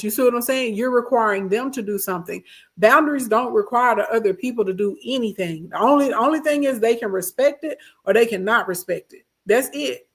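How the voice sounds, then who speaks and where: A woman's voice: on the high side, fairly quick. A woman hosting a casual advice stream, reading out viewer comments and answering them in an emphatic way that repeats points and keeps checking in. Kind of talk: casual advice talk, livestream.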